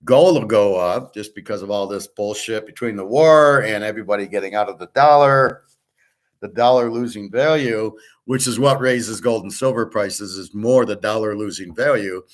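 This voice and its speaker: A man with a fairly low voice rants his way through casual commentary. He is blunt and profane and opinionated, and he talks in a loose, rambling way. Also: normal speed. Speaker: host.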